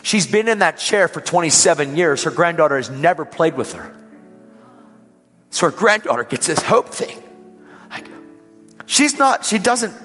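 A man with a somewhat high voice tells a healing testimony in a fervent, dramatic way. He acts out the people in the story and keeps repeating his praise. His voice rings with a long echo, and faint music plays underneath. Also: sing-song, moderate pace, pauses often, fairly bright tone, husky. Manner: emphatic, repetitive praise. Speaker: preacher telling a healing testimony.

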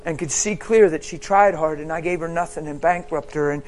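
A man preaching a sermon as personal testimony, telling his story emphatically and swinging between hushed and loud. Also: fairly high pitch, fairly quick, a little hiss or hum.

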